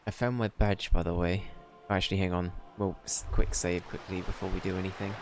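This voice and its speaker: A man's voice: deep voice, flat delivery, brisk, over music. A man streaming a video game, rambling casually and swearing as he plays. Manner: rambling, swearing, talks to himself. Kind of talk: casual gaming commentary.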